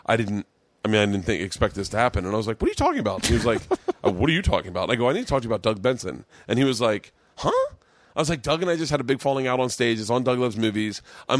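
A man's voice: mid-range voice, quick pace, dry recording. A middle-aged man hosting a podcast in casual chat, telling stories with lots of laughter, swearing freely and acting out what other people said. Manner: animated storytelling, acts out quotes, laughs often, swears freely. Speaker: podcast host, comedian.

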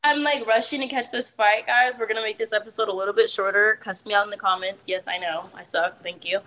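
A woman's voice: medium pitch, steady tone, quick pace, bright, forceful tone, low-quality recording. A woman hosting a podcast, talking in a wry, teasing way. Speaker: podcast host. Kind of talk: casual chat.

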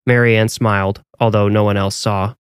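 Smooth low-voiced male horror narrator. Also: level tone, normal speed, no echo, clean studio sound. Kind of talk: scripted horror story narration.

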